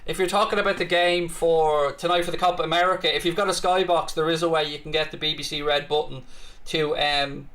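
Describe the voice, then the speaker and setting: High-voiced, excitable Irish man. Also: brisk. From Ireland. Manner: excitable, chatty, swears freely, rants back at comments. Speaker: host of a football watchalong. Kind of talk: live casual match commentary and viewer chat.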